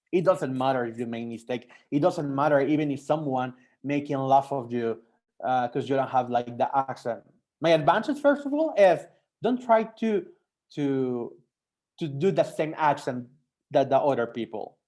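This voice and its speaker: A young man from Mexico with a Mexican accent, a French teacher whose first language is not English, giving a personal talk to language learners in halting English full of restarts and fillers. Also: mid-range voice, darkish tone. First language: Spanish.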